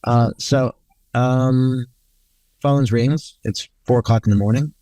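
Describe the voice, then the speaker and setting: A middle-aged man chats as an interview guest, spinning anecdotes and slipping into other voices for quotes. His voice sits at an ordinary pitch, and the recording is dry and close. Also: fairly even intonation, slow pace, dark tone, dry recording. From New York. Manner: storytelling, swearing, acts out quotes. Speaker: guest cinematographer.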